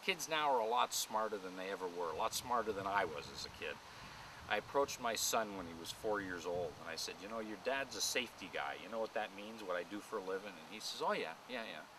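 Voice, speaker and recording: A middle-aged man tells comic family stories in a dry, deadpan way, jumping higher when he quotes someone. His voice sits a little low and comes from a few steps off the mic. Street noise and passing cars run clearly behind him in the open air. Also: quick pace. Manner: deadpan storyteller who jumps higher for quoted lines. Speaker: amateur comedian. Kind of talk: stand-up storytelling. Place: outdoors in a driveway near traffic. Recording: distant camera mic outdoors, traffic noise.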